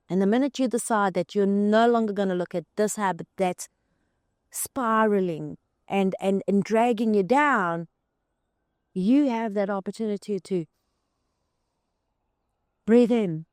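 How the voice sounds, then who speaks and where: A woman's voice: medium pitch, a little mellow, dry recording, studio quality. Woman giving an emphatic motivational talk. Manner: emphatic, repeats words in long strings; addresses the listener directly as "you". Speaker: host.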